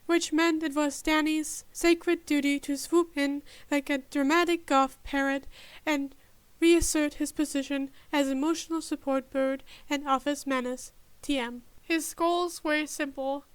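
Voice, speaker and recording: A woman reading a fan-written story aloud in a measured, even way. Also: high-pitched, no echo. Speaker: podfic reader.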